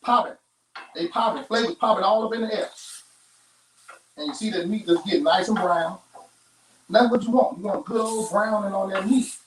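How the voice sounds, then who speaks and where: A man's voice: high-pitched, normal speed, long pauses, distant mic, a little hiss or hum. Chatty man hosting a kitchen cooking show. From Chicago. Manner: chatty, folksy, talks straight to viewers. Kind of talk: live cooking demonstration. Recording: roomy kitchen, off-mic.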